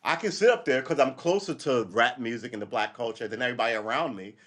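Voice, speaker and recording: Rambling opinionated man hosting a podcast. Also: fast. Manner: rambling, opinionated, jumps between loud outbursts and low asides. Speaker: podcast host. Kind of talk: casual live commentary.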